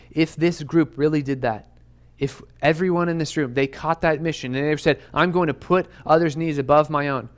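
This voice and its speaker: A young adult man preaching to students, earnest and urgent, who keeps repeating rhetorical questions. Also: fairly high pitch. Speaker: youth pastor. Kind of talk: sermon to students. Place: church youth room.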